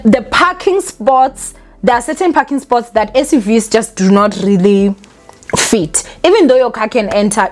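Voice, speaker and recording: Young woman vlogger, somewhat high voice, animated storytelling with direct asides to viewers. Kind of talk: casual storytime.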